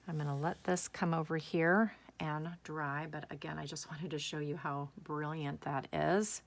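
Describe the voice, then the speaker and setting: A woman's voice: sits low, fairly even intonation, moderate pace, gravelly, hardly any pauses, a little hiss or hum. A woman hosting a craft tutorial, chatting enthusiastically as she works step by step and talking to herself. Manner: chatty, enthusiastic, talks to herself while working. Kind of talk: casual step-by-step craft demonstration.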